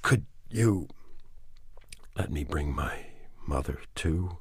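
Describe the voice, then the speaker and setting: A man voicing a stiff, hoarse male neighbor who pleads in a raised, higher voice. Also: expressive, takes it slowly, no echo, heavily acted. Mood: pleading.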